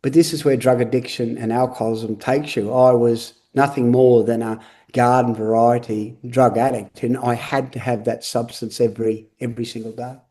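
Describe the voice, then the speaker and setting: A middle-aged man gives a candid interview about his own life. His voice is mellow and dark, earnest and a little halting, with words often repeated. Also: mid-range voice, level tone. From Australia. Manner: earnest, repetitive, halting restarts. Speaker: guest.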